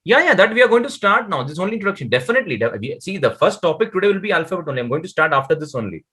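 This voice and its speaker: A male tutor leads an online beginner lesson. He speaks patiently and stretches out example words slowly so they can be copied. His voice is lively in pitch, slightly husky, and comes through video call audio. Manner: patient, explains slowly, models Dutch words very slowly. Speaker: Dutch language teacher. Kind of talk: online one-to-one language lesson.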